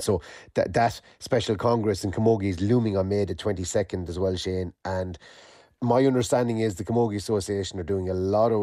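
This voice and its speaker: A man with an Irish accent giving a sports news report on the radio, measured and full of fillers and restarts. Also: low-pitched, warm tone, dry recording, clean studio sound. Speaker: sports correspondent.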